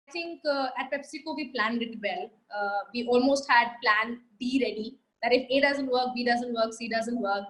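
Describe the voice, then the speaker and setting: A woman in her thirties with an Indian English accent, a marketing guest answering audience questions in a brisk, confident way. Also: high-pitched, a bit bright, rough recording. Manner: brisk, confident, lists points. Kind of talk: live Q&A answer.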